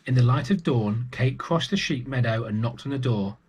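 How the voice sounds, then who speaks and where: A man reading a picture book aloud to young children, gentle and unhurried. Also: mid-range voice, noisy background. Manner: gentle and unhurried, with small restarts.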